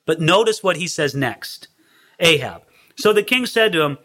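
Animated, high-voiced male preacher. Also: normal speed. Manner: animated storytelling, acting out scenes. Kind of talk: expository sermon.

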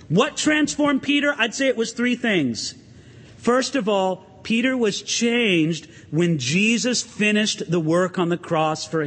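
A pastor preaching an animated sermon in a church, asking the congregation questions and swinging his emphasis up and down. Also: high-pitched, breathy edge, long reverb tail.

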